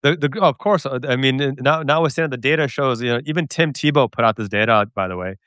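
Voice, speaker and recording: A man hosting a talk show, arguing his point with emphatic indignation. His voice is smooth and resonant, recorded close and dry. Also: mid-range voice, quick pace, fairly bright tone, no echo. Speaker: podcast host. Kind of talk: political discussion.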